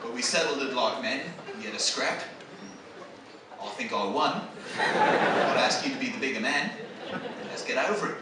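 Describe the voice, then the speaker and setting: A man's voice: mid-range voice, normal speed, long pauses, very noisy, voice pushed down, close to an everyday voice. A man voicing a brawny Australian diver with an Australian accent, telling his shark tale in a boastful, matter-of-fact way, heard in an echoey live theatre from a distance. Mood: solemn.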